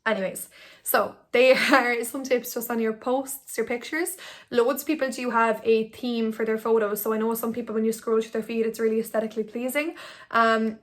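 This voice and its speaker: Chatty young woman, flat bright voice. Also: fairly high pitch. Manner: chatty, rambling, filler-heavy. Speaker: Instagram blogger. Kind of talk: casual talking-head vlog. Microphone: phone on ring light.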